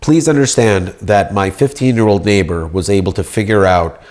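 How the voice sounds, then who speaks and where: Rambling, grandiose man, low-voiced. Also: moderate pace, a little mellow. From United States. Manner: grandiose, rambling, speaks as if addressing a judge. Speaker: speaker pleading his case. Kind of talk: rambling monologue.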